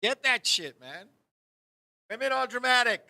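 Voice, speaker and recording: A man hosting a talk show, telling comic stories in a profane, animated way. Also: extremely high pitch, measured pace, vocal fry. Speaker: podcast host.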